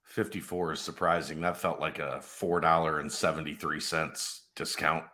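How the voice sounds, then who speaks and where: A man's voice: rumbling low, fairly even intonation, moderate pace, pushed and bright. A man co-hosting a casual sports podcast, telling stories with a joking manner and laughing often. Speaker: podcast co-host.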